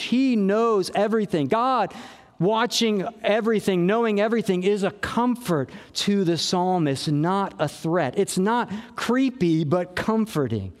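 A man's voice: high-pitched, long reverb tail. A man preaching a sermon as pastor, earnest and repeating key phrases for emphasis.

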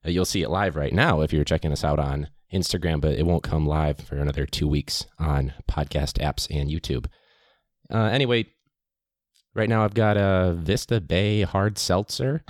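A man's voice: sits low, no echo, clean studio sound. A man, a teacher, hosting his podcast in a casual, rambling monologue full of fillers. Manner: chatty, rambling, many fillers.

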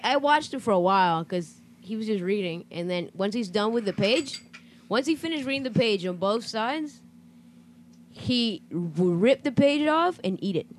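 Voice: mid-range voice, slight background noise. A co-host from Argentina in a casual chat, asking friends follow-up questions. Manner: chatty, asks follow-up questions.

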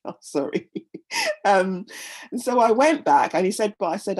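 A woman's voice: mid-range voice, lively intonation, moderate pace, pauses often, a little mellow. A middle-aged woman, a guest in an interview, telling her own story in an earnest, heartfelt way, often repeating words as she gathers her thoughts. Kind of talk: candid personal interview.

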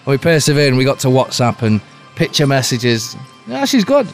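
A man's voice: mid-range voice, big pitch swings, fairly quick, hardly any pauses, soft background music. A man chatting casually as a guest, telling dry, rambling stories and acting out quotes in other voices. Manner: dry, rambling storyteller who acts out quotes. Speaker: guest musician. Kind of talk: casual chat. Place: Cork, Ireland.

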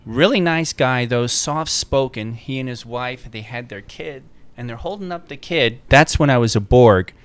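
A man's voice: medium pitch, normal speed, few pauses, smooth. A man chatting casually, rambling through an anecdote with quoted lines. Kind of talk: casual chat, storytelling.

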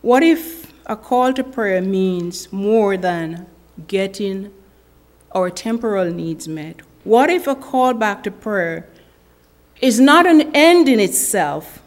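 A woman giving a sermon to a church women's ministry, telling an illustration in a slow, deliberate, earnest way with dramatic pauses. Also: medium pitch, lively intonation. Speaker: speaker at a women's ministry gathering.

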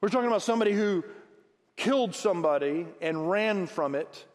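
A man preaching a sermon as pastor, acting out Bible dialogue in lively, animated bursts. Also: sits high, a little fast. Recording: long hall reverb.

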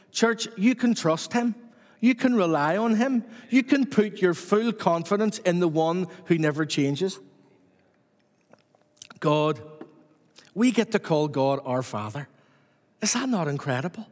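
High-voiced man preaching in a hall. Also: lively intonation, a little slow, darkish tone. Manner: repetitive rhythmic preaching with rising emphasis. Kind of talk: sermon.

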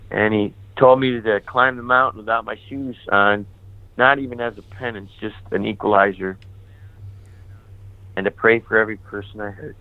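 A man who is a priest tells his own story with candid, lively energy and slips into the voices of the people he quotes. His voice comes through thin and tinny, like over a phone line, with a dry, close sound. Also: mid-range voice, dry recording. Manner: animated, candid, acts out remembered dialogue. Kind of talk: personal testimony storytelling.

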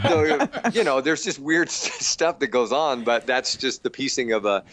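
A man's voice: medium pitch, brisk, hardly any pauses, a bit bright, slight background noise. A middle-aged man, an actor and producer, tells behind-the-scenes stories in a casual interview, laughing and swearing often. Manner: laughing, profane anecdotes.

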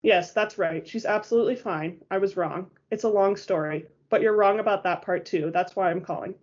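A cutting, commanding young woman, as a female audiobook narrator puts her on, pitched a touch above the narrator and a little louder. The voice is husky and breathy, and the audiobook recording sounds dull and lo-fi. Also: a little fast, close to an everyday voice. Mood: acidic. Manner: clipped and cutting. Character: sharp, commanding young woman under strain.

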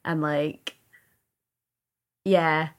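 A woman's voice: sits low, flat delivery, extremely slow. A woman co-hosting a casual film podcast, enthusiastic and giggly. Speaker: podcast co-host.

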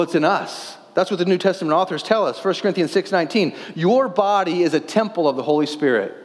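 A fairly high-voiced man preaches a sermon as a pastor, earnest and questioning as he reads scripture aloud. His voice rings with the long reverb of a large church hall.

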